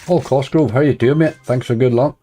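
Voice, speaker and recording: A man of medium pitch talks fairly quickly over soft background music. Playing on a live stream, he greets his viewers casually and jokes wryly, laughing softly at what he says.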